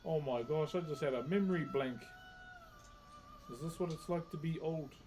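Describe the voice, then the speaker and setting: A man's voice: fairly high pitch, normal speed, darkish tone, soft background music. A man with a New Zealand accent chatting casually on a live stream while he works. He is laid-back, reads viewer comments aloud, laughs often and calls people "bro" constantly. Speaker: livestreaming wood carver.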